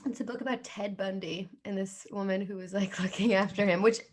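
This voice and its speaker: A woman's voice: medium pitch, steady tone, a little fast. A young woman with a New Jersey accent, co-hosting a podcast in casual, rambling chat. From New Jersey, USA. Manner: chatty, rambling with lots of "like". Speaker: podcast co-host.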